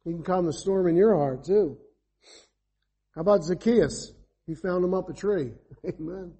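A fervent male preacher with a husky, mellow voice that sits a little high for a man. He builds to emphatic appeals, then falls back to hushed asides, pressing his listeners with rhetorical questions. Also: a little slow. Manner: fervent, rises to emphatic calls then drops to quiet asides; asks the congregation rhetorical questions. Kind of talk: evangelistic sermon.

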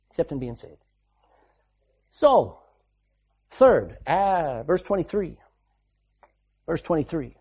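A man preaching a sermon, repeating phrases for emphasis and swinging between loud and hushed delivery. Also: sits high.

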